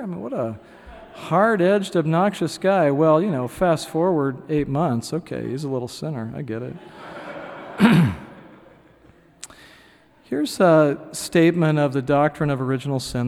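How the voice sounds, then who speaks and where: Middle-aged male pastor, fairly high voice, chatty sermon delivery, long hall reverb. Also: unhurried, pauses often, a little mellow. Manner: conversational preaching with asides and dramatized quotes.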